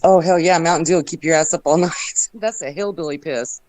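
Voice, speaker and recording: A woman's voice: sits low, a little fast, a little mellow, no room sound. A woman in a casual group voice chat, brash and sassy, swearing freely. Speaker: voice chat participant.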